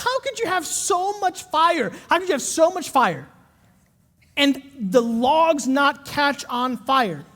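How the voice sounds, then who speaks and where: Pastor guy preaching live, pretty high voice, big echoey church hall, lively story bits then quiet serious parts. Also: takes it slowly. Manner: animated storytelling that drops to quiet intense urging. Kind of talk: sermon. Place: church auditorium, live congregation. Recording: long hall reverb from a live church auditorium.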